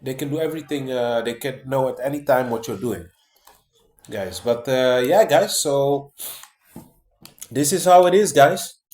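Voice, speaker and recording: A man's voice: mid-range voice, measured pace, pauses often, darkish tone, roomy sound. A man talking casually to his viewers in a rambling way, full of fillers, restarts and "man" and "guys". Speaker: vlogger. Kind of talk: casual monologue to camera.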